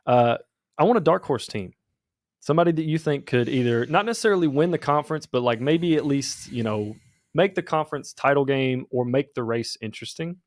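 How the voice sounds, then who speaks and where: A man's voice: mid-range voice, fairly quick, dry recording. Casual male sports podcast host.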